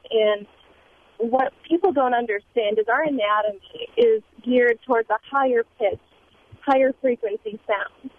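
A woman's voice: on the high side, slight background noise. Woman caller on a tinny phone line. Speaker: caller, speech language pathologist. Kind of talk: call-in comment. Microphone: telephone.

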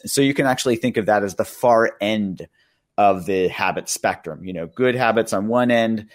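A man's voice: lowish voice, moderate pace, no echo, clean studio sound. A middle-aged man, a psychiatrist and author, explaining things as a radio interview guest in a conversational way, with many fillers. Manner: conversational, many "you know" fillers, occasional chuckles.

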